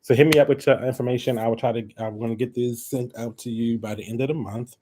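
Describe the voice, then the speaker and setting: A man hosting a casual giveaway vlog at home, chatting as he draws winners, laughing often and breaking into high excited squeals. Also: fast talker, noisy background. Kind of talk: casual chat while drawing giveaway winners.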